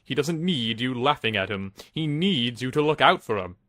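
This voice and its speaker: A man's voice: animated, moderate pace, sharp tone, no room sound, clean studio sound. A man voicing a stern, protective male engine who growls his words in a storybook reading. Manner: growling, low.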